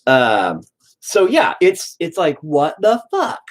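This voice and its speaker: A man's voice: on the high side, huge pitch swings, slow. A man streaming live as he paints, chatting casually in a profane, exasperated rant. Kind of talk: casual livestream chat.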